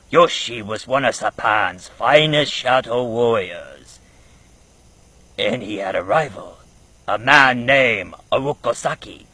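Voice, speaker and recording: A wise old rat sensei speaks low and solemn, as a man puts him on. His husky voice stays bright at the edges. He tells his past slowly, like a storybook master. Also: dry recording, full character voice. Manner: slow, hushed storytelling.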